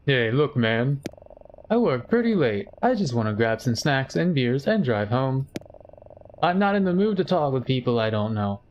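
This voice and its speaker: A man's voice: mid-range voice, sing-song, normal speed, muffled recording, a little hiss or hum, close to an everyday voice. A man voicing a brusque, dismissive male office worker who has worked late and wants to be left alone. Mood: annoyed. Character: curt tired male office worker, adult.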